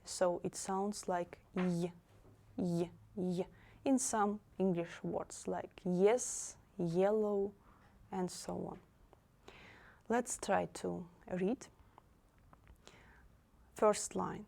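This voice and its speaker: A woman's voice: fairly low pitch, fairly even intonation, warm tone. A woman with a Russian accent teaching pronunciation, repeating each sound and syllable carefully for beginners. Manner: drills sounds slowly, repeating each one. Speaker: language teacher. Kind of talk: slow pronunciation lesson.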